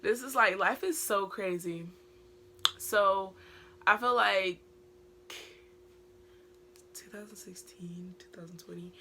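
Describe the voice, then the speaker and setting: British teenage girl, rambling storytime vlogger, crisp bright tone, lots of fillers. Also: medium pitch, takes it slowly, long pauses, slight background noise. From Britain. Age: teens. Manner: rambling, heavy use of filler words. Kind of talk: casual storytime vlog.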